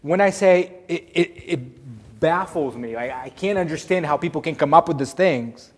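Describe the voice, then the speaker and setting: A man's voice: on the high side, normal speed. Emphatic preacher man in an echoing hall. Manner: emphatic preaching, swinging from loud to hushed. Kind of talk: sermon. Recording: long hall reverb.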